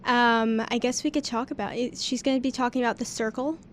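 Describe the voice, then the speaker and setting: Young female college radio host, chatty and upbeat, slightly high voice. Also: fairly even intonation, brisk, a little hiss or hum. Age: young adult. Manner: chatty, laughs easily. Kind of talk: casual radio chat.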